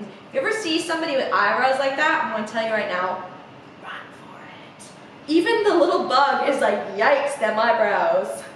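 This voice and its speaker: A woman's voice: a little high, a bit bright. Playful woman reading a picture book. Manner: chatty, playful asides with laughter. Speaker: storyteller, theatre coach. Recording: echoey room from far off with faint hiss.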